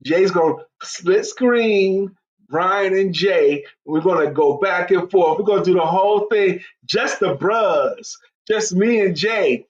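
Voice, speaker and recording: A man hosting a live online show, casually chatting, reading viewer comments and telling stories with lively impressions. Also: high voice, takes it slowly. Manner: animated storytelling, bursts into loud impressions. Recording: lo-fi dull sound.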